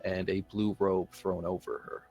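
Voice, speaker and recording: A man narrating as game master of a tabletop game, describing scenes in a measured way with frequent "uh" fillers. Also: low voice, level tone, a little mellow, husky, soft background music.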